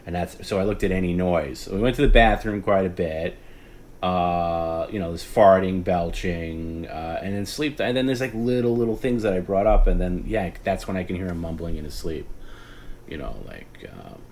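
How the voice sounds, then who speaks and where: A man hosting a casual late-night stream, rambling, often laughing and breaking into hushed imitations of others. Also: sits low, normal speed, a little hiss or hum. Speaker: podcast host.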